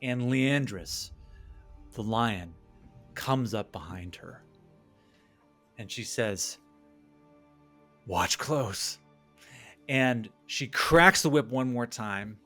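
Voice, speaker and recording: A man narrating a tabletop game as game master, telling the scene slowly. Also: medium pitch, fairly bright tone, faint music behind. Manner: slow, storytelling narration.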